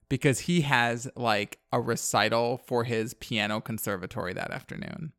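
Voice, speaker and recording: A man's voice: mid-range voice, moderate pace, few pauses, fairly bright tone, dry recording, studio quality. Chatty man recapping a movie. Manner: rambling, filler-heavy, wry asides. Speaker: podcast co-host. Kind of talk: casual movie recap chat.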